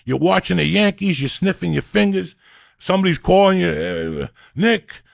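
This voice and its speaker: A middle-aged man, telling crude comic stories in a loud, profane, animated way. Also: sits high, moderate pace, creaky, no room sound, studio quality. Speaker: comedian and podcast host.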